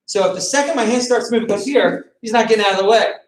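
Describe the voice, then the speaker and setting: Calling out counts and commands, a male martial arts instructor leads beginners through a boxing class over video call. He talks fast in a high-pitched voice, with slight background noise behind him. It sounds like an echoey room recorded from a distant mic.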